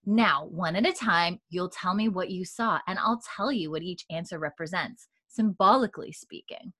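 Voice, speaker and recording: A woman voicing a poised young woman who is calm and cryptic, in a measured, softly theatrical delivery. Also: fairly low pitch, dry recording.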